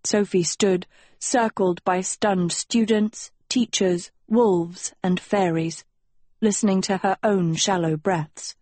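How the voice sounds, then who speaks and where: A woman narrating an audiobook in a measured storytelling manner. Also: medium pitch, fairly even intonation, a little mellow, dry recording. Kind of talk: scripted narration.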